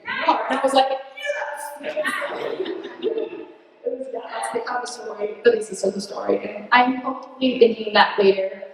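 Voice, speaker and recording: A young woman in her late teens giving an earnest, animated student presentation and answering questions, laughing at herself now and then. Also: fairly high pitch, brisk, creaky, crowd noise. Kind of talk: presentation speech and Q&A. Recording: echoey hall, distant mic.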